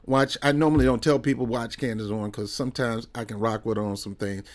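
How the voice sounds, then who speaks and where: A man's voice: mid-range voice, fairly even intonation, fast. A man giving casual political commentary in a heated, rambling way, full of sarcastic asides and repeated questions.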